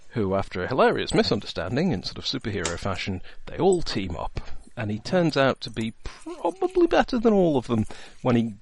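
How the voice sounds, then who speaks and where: A man's voice: mid-range voice, huge pitch swings, fairly quick, hardly any pauses, darkish tone, slight background noise. A man, the game master, chatting in a rambling way full of fillers and asides as he sets up a tabletop role-playing game. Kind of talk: casual chat, setting up a tabletop game.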